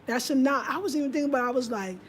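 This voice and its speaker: This high, rapid-fire voice belongs to a middle-aged woman from the United States, a vlogger talking casually to camera from home. She's chatty and emphatic, putting on voices for the people she quotes, and a little hiss or hum sits under the recording.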